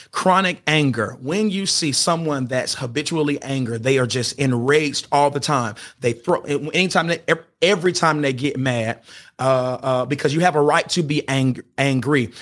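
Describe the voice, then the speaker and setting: A man whose voice is on the high side and a bit bright hosts a podcast where he gives relationship advice. Emphatic and preacher-like, he pushes his points with "get this" and "hear me," regularly stumbling over words and beginning sentences over.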